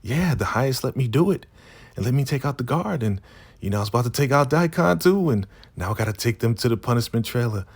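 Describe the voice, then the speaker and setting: A man voicing a giddy, unhinged young woman in a high, rushed, breathless way while recapping a TV show. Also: animated, breathy edge.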